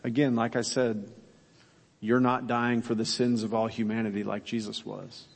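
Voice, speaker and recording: A man preaches a sermon in a gravelly, mid-pitched voice, earnest and emphatic as he puts rhetorical questions to his listeners. His words ring out with the long reverb of a large church sanctuary. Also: little pitch movement, normal speed. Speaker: pastor.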